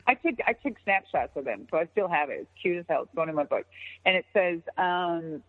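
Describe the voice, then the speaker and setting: A woman in her fifties, a guest in a phone interview, telling a story in an animated, profane way and acting out the dialogue. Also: lowish voice, a little fast. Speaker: interview guest, former wrestler. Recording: tinny phone line with long reverb.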